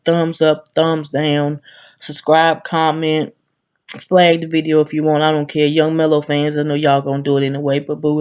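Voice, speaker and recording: In this muffled recording, a thirty-something woman with a low, darkish voice rants to camera for her vlog. Her manner is brash and profane, and she talks straight to the people watching in a casual style.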